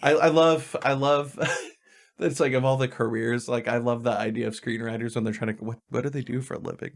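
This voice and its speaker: A man's voice: medium pitch, fairly even intonation, fairly quick, vocal fry. Laughing man in casual chat. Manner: laughs often, rambling, swears. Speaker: podcast co-host; filmmaker.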